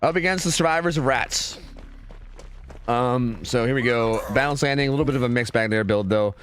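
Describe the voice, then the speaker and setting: A man's voice: mid-range voice, fairly quick, a bit bright, a little hiss or hum. A man chatting casually with his stream viewers, rambling and swearing a lot, full of fillers. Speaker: streamer and game caster.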